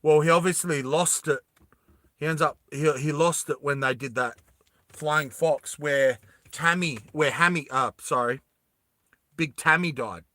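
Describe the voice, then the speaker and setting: Rambling, excitable young man. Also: on the high side, unhurried, dry recording. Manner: rambling, self-correcting, excitable. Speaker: animated film creator. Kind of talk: casual storytelling to viewers.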